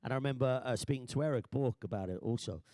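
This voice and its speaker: A man's voice: medium pitch, fast talker, dark tone, dry recording, studio quality. A man on a panel reminiscing in a rambling way, searching for details.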